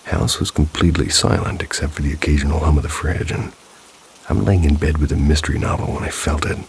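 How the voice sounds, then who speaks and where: A storyteller with a strikingly low, gravelly voice reads eerie first-person stories sent in by viewers. His steady, scripted delivery stays measured but is broken by dry, wry asides. A faint hiss of rain runs underneath.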